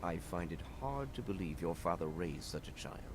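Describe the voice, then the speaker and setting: An actor voicing a composed male video game character who speaks in a formal, measured way. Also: low-pitched, expressive, noisy background. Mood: disapproving. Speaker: non-player character.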